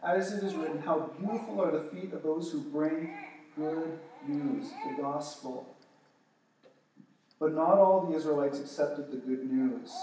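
A man's voice: on the high side, warm tone, a little hiss or hum. Eager preaching man in an echoey room. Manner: enthusiastic, stumbling restarts. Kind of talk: informal Bible teaching. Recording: echoey distant room recording.

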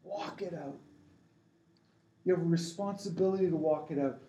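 With a fairly high, mellow voice at normal speed, a middle-aged preacher works through a dream story in a rambling sermon, repeatedly restarting sentences and urging listeners on. The room echoes and the audio is poor.

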